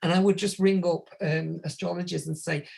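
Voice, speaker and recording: A woman from the UK, a guest astrologer in an interview, telling lively stories and acting out the phone calls she describes. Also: on the low side, fairly quick, gravelly, husky. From United Kingdom. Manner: lively anecdote-teller who acts out quoted phone calls and laughs often. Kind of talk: casual interview storytelling.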